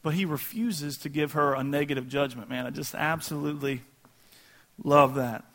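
Man preaching a casual, lively sermon. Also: a little high, normal speed. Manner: casual, conversational preaching with dramatic quoted voices. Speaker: pastor.

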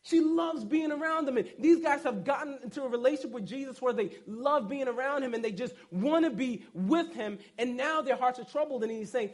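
High-voiced conversational preacher. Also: male voice, brisk, few pauses. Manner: animated, joking asides, storytelling. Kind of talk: casual conversational sermon.

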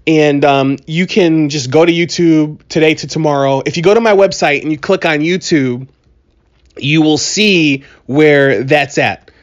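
A man hosting his own podcast in a casual solo monologue. He talks in an animated, joking, hyped-up way, and his voice sounds a bit strained from allergies. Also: fairly high pitch, a little slow, dull audio. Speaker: podcast host.

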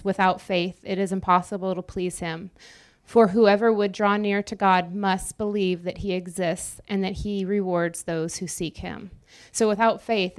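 A woman's voice: medium pitch, clear, resonant tone. A young adult woman giving a sermon in a conversational style, joking with the congregation between scripture readings. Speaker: preacher.

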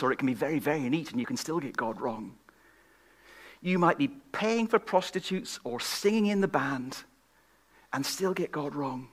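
A man preaching a sermon at a church gathering, swinging from loud emphatic questions to hushed, whispered lines. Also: medium pitch, husky. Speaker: guest preacher.

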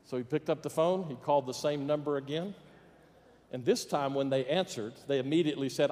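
A man's voice: on the high side, fairly quick, darkish tone. Male pastor preaching in an echoing hall. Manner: storytelling, plays out quoted voices with jokes. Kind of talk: sermon. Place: church sanctuary. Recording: long reverb of a church hall.

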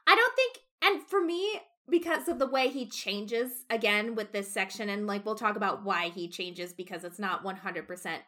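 A young woman co-hosting a casual book discussion podcast, animated and full of "like", raising her voice when upset. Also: mid-range voice, moderate pace, hardly any pauses. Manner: animated, frequent "like", gets loud when upset.

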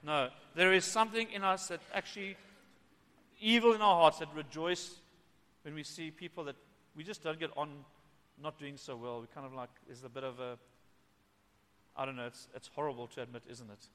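A male pastor preaching a sermon in a slightly high voice. He swings between hushed, quiet passages and loud, emphatic ones. The sound carries a long reverb tail from the hall. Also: steady tone, normal speed, pauses often. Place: church meeting.

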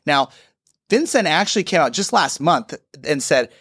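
A man co-hosting a business podcast, giving brisk, insistent advice. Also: fairly high pitch, big pitch swings, a bit bright, slightly rough, no echo, studio quality. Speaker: podcast co-host, business lawyer. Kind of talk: casual podcast chat.

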